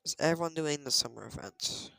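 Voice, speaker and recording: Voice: mid-range voice, brisk, creaky, sharp tone, dry recording, soft background music. A streamer chatting casually over gameplay, muttering item names in sing-song repeats and talking to themself.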